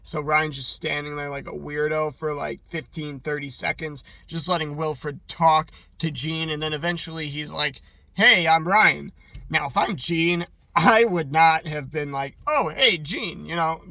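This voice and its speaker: A man's voice: fairly high pitch, steady tone, normal speed, hardly any pauses, bright, forceful tone, dry recording. A man chatting casually as he recaps a TV episode, rambling and filling his talk with "like". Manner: rambling and chatty, heavy use of "like". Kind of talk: casual commentary.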